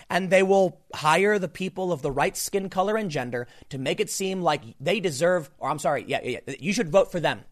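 Emphatic man doing political commentary. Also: on the high side. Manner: emphatic, repetitive, rhetorical questions. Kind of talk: monologue commentary.

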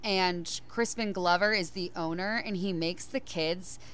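A woman's voice: lowish voice, unhurried, clear, resonant tone. A young woman co-hosting a podcast, retelling a movie plot in casual chat and acting out the characters' lines with lots of "like.". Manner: animated storyteller, acts out quotes, lots of "like". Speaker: podcast co-host.

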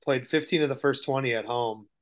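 A man co-hosting a podcast, talking casually and quietly about basketball, trailing off and swearing. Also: brisk. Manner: low-key, mumbling, trailing off, swears. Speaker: podcast co-host. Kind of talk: casual sports chat.

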